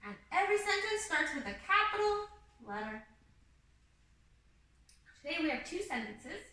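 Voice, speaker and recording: A woman's voice: extremely high pitch, very animated, normal speed, bright, forceful tone. A young woman teaching a kindergarten video lesson, patient and sing-song, drilling words one at a time for small children. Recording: echoey room, mic at a distance.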